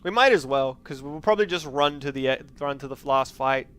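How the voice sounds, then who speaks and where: A man's voice: mid-range voice, animated, a little fast, fairly bright tone, smooth. A man streaming a card game, chatty and joking as he thinks aloud about his choices. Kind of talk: casual game commentary.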